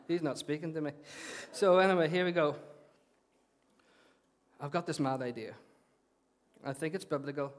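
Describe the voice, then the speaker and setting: A man with a Northern Irish accent preaching a conversational, animated sermon in a church, often repeating his phrases. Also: a little high, moderate pace, pauses often. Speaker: pastor.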